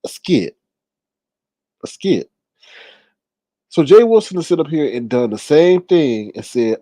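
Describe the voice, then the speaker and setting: A man's voice: fairly high pitch, very animated, takes it slowly, pauses often, dark tone, no echo, clean studio sound. A man hosting a casual livestream, ranting with exasperation, often sighing and talking straight to his viewers. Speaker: livestream commentary host.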